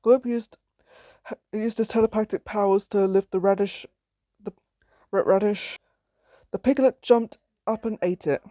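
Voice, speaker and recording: A woman's voice: medium pitch, fairly even intonation, a little slow, pauses often, dark tone, no echo. A woman reading her own story aloud in a plain, simple storytelling way.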